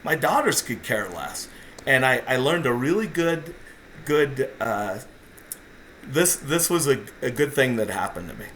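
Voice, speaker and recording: A middle-aged jiu-jitsu competitor, guesting on a podcast, tells stories in a casual, intense, self-deprecating way. His mid-range, slightly bright voice swings widely in pitch and moves a little slowly, with slight background noise.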